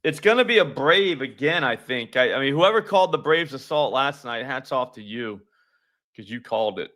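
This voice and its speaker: Male stream host, bright voice, casual and salty, banters with the chat. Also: mid-range voice, lively intonation, normal speed. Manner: loose, profane, talks to chat viewers. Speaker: sports betting show host.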